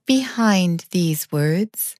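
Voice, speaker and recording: A woman delivering a scripted spiritual sermon in a slow, measured and earnest way. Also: lowish voice, animated, darkish tone, no room sound, clean studio sound. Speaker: preacher.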